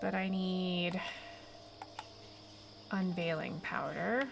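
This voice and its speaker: A woman's voice: on the low side, fairly even intonation, very slow, gravelly, background noise. A woman chatting casually while playing a game, with playful asides. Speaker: streamer. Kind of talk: casual game play commentary and reading aloud. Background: game music.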